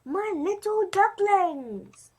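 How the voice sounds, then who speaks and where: A woman with a Vietnamese accent voicing a proud, fussy mother duck in a storybook reading, exclaiming in a raised voice. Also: very animated. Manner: high, exclaiming, drawn-out lines.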